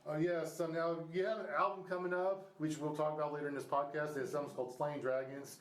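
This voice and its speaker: A man's voice: on the high side, level tone, quick pace, roomy sound, rough recording. A man in his thirties hosting a podcast, chatting casually with a guest and rambling through many restarts and fillers. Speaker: podcast host. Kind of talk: casual interview chat. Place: Ohio.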